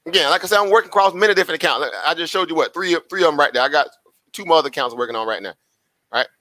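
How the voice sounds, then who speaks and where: A man's voice: on the high side, racing, bright, forceful tone, dry recording. A man hosting a live trading stream, chatty and repetitive, asking rhetorical questions and laughing often. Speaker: live-stream stock trader. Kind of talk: casual live-stream commentary.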